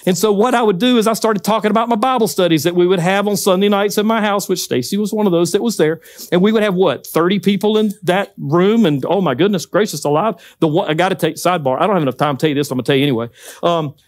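Animated preacher, high voice. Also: male voice, dry recording. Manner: animated storytelling, acts out quotes. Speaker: pastor. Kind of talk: sermon.

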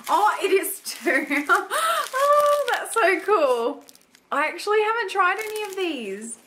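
Young woman vlogger, excitable unboxing chatter, unhurried delivery. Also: very high-pitched. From Australia. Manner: gushing, gasping, lots of "oh my God". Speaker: beauty vlogger.

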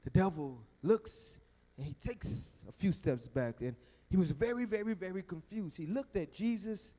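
A male evangelist preaching at a youth rally, telling a story in an animated, dramatic way. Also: sits high, normal speed. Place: church sanctuary. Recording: echoey church sanctuary.

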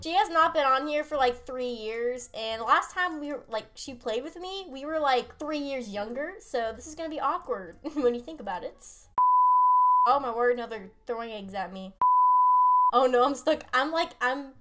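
A woman giving casual gameplay commentary, excitable and giggly, breaking into squealing shouts when chased. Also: high voice, normal speed. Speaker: gaming channel host.

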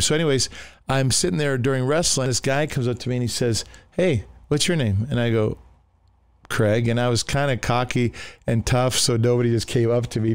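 Middle-aged pastor, male, from the United States. Rambling testimony teller who breaks into quoted voices. Smooth tone, dry close sound. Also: mid-range voice, no echo. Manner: rambling storyteller with many restarts and fillers; acts out quoted voices in his story. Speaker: pastor telling his testimony. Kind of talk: casual testimony in a podcast conversation.

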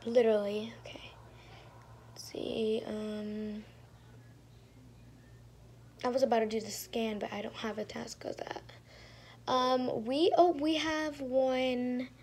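A woman's voice: fairly high pitch, a little hiss or hum. A young woman casually commentating her own gameplay, sounding exasperated, talking to herself and often trailing off into mumbles. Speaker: gaming streamer.

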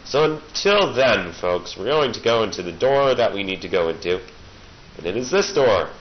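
A man's voice: sits low, expressive, normal speed. A man with a cold giving casual, sarcastic gameplay commentary and playfully taunting the enemies he fights. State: has a cold. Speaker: let's play gamer. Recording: dull lo-fi recording with faint hiss.

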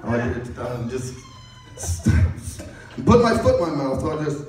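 A man's voice: medium pitch, very animated, fast talker, background noise. A man doing a rambling, crude stand-up routine on a comedy stage and laughing at his own jokes. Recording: echoey room, mic far off.

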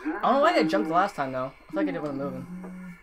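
A man casually commenting on a horror game with his brother, excitable and quick to laugh and yelp. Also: high-pitched. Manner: excitable, yelps and laughs at scares. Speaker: co-host playing a horror game.

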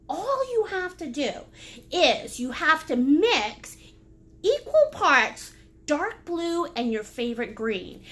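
A silly, joking woman leads a live painting session and greets viewers by name. Her voice sits very high and bright, with wide, lively swings in pitch. She takes her time, drawing out her words. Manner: animated, breaks into laughs and silly sounds. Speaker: painting instructor and livestream host. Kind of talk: lively livestream painting class.

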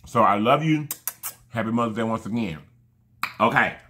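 A man's voice: lowish voice, normal speed, sharp tone, a little hiss or hum. A man chatting casually to camera while eating, effusive and rambling, thanking his viewers again and again. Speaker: mukbang vlogger.

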